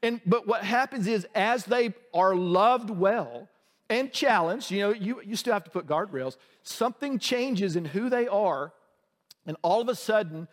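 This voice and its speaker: A man's voice: sits high, expressive, measured pace, big-room sound. A male pastor preaching a sermon in a church, conversational and humorous, often asking the congregation questions. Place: church sanctuary.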